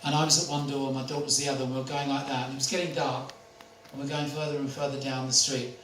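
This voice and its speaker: Talking fast in a level, somewhat bright mid-range voice, an older spiritual speaker tells anecdotes in a chatty way and laughs frequently. It's recorded in an echoey room on a distant mic, with faint noise.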